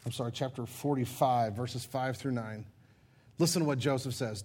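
A man preaching a sermon, retelling a Bible story in a lively, casual way and acting out the characters' lines. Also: mid-range voice, a little fast, slightly rough.

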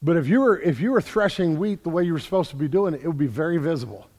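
A man preaching a sermon as a pastor in a church, energetic and repeating words as he builds emphasis. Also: fairly high pitch, very fast, big-room sound.

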